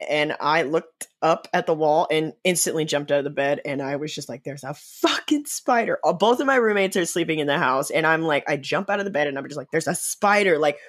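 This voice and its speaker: A man co-hosting a podcast, telling an animated anecdote in casual chat and swearing as he builds it. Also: on the high side. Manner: animated, profane anecdote-telling with dramatic pauses. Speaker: podcast co-host. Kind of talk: casual storytelling.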